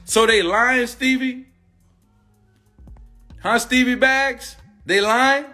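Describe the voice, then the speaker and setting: Agitated man ranting, high bright voice. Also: fairly even intonation, slow pace, soft background music. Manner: agitated, repetitive, confrontational. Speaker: former football player and coach. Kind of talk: heated rant on a live stream.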